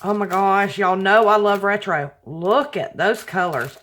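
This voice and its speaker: A woman hosting a craft channel, chatting casually and gushing with excitement as she unboxes a handmade package. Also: medium pitch, moderate pace, few pauses.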